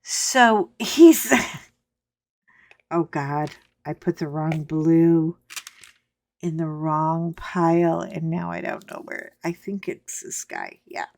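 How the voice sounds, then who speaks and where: A middle-aged woman chats while she colors, telling a rambling story in an unhurried drawl. She is wry and a little salty, with mild cursing and "anyway" asides. Her voice sounds close and dry, with no room around it. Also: low-pitched, creaky, darkish tone, no room sound. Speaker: coloring channel host.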